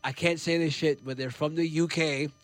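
A man, a musician guest, telling stories in a lively, casual way and acting out what others said. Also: fairly high pitch, normal speed, dry recording. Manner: animated, acts out other people's lines. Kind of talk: casual storytelling.

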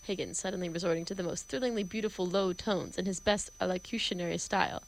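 A woman reading the stage directions of a play in a measured, plain way. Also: lowish voice, steady tone, vocal fry, slight background noise, low-quality recording. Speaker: narrator.

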